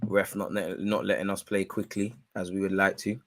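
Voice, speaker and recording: A young man hosting a football watch-along, commenting live and shouting at the referee. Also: normal speed. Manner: animated, shouts at the referee, spikes in pitch and volume.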